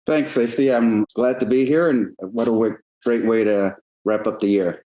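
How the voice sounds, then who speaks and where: Brief: male podcast guest, lowish voice, relaxed and friendly. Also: normal speed, rough recording. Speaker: guest analyst. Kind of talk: casual podcast chat.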